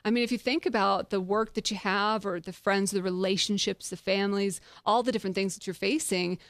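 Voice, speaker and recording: A woman hosting a podcast, giving a conversational leadership talk in a lively way, laughing often and making self-deprecating asides. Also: medium pitch, fairly quick, dry recording. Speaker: podcast host.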